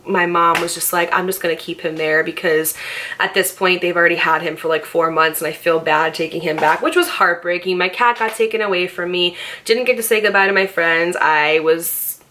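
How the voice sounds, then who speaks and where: Bright-voiced young woman telling a story. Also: fairly low pitch, moderate pace, slight background noise. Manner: chatty and animated, swears freely, acts out quoted voices. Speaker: storytime vlogger. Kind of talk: casual storytelling to camera.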